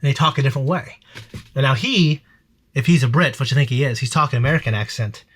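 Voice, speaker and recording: A man's voice: mid-range voice, quick pace, fairly bright tone, slightly rough. A man hosting a casual post-episode reaction discussion, rambling with frequent restarts and casual swearing. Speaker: reaction channel host.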